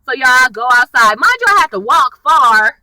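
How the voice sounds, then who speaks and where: A young woman gives a chatty, slang-filled recap of a TV episode and acts out the characters' lines as she goes. Her voice is high and very bright, swinging widely in pitch. The sound is dry, with her sitting a little back from the mic. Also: normal speed, no echo, recorded from a distance, poor audio. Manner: chatty and animated, lots of slang and y'all. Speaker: TV recap vlogger.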